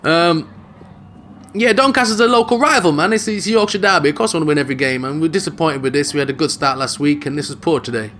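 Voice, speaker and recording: A man's voice: fairly high pitch, fast talker, slight background noise. A man giving casual, jokey commentary over his own football video game. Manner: animated, jokey, football banter. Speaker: gaming video host.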